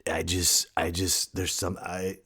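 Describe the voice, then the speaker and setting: A man in his thirties hosting a casual solo podcast, excitable and joking, restarting his sentences and jumping to loud high shouts when he mimics others. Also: unhurried, husky. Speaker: podcast host.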